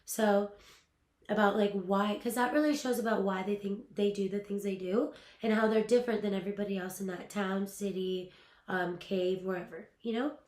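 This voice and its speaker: Woman voiceover teacher, casual and rambling, mid-pitched, recorded with room echo. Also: fairly even intonation, moderate pace, a little mellow. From Southern California. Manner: chatty, rambling, with fillers and restarts. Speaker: voiceover artist teaching a series. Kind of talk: casual instructional talk.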